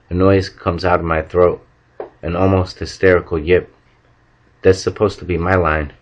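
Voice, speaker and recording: A man reading a novel aloud at a steady, measured pace. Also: deep voice. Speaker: audiobook reader. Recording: dull lo-fi recording.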